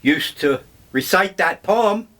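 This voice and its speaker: An older man talks slowly and unhurriedly, wandering from memory to memory with dry humor. His voice sits somewhat high for a man. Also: lively intonation, a bit bright. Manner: slow, rambling, wry. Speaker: vlogger. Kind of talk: casual reminiscing monologue.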